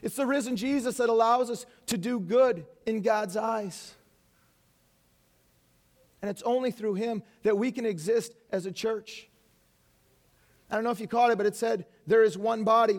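A man's voice: high voice, a little mellow. A man preaching an Easter sermon as pastor, earnest, with rhetorical questions and light asides.

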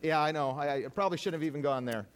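A man's voice: on the high side, fast talker, a little hiss or hum. A man preaching a sermon to his congregation, talking animatedly and acting out people's complaints in quoted voices. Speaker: pastor.

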